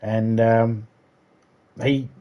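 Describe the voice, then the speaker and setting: A man's voice: mid-range voice, flat delivery, very slow, dull audio. An Australian man on a livestream telling rambling stories in a profane, sarcastic, casual way. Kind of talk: casual storytelling chat.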